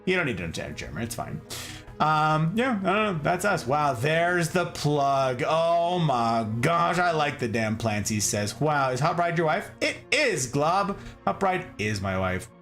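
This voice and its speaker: A man's voice: fairly high pitch, sing-song, measured pace, a bit bright, soft background music. An American man in his thirties streaming casually, chatting with viewers in a playful, joking way. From United States. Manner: playful, jokey, drops into mock German asides. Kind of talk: casual live-stream chat reading out chat.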